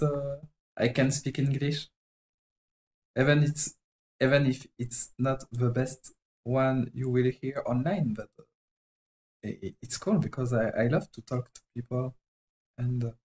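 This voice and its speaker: A man from France speaks in a French accent, his voice pitched in the middle range. He chats casually on a live stream as he works, halting often as he searches for the right English words. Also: poor audio. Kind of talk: casual live-stream chat while drawing.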